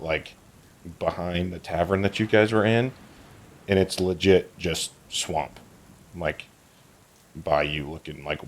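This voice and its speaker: A man narrating a tabletop game as game master in a casual, rambling way. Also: low-pitched.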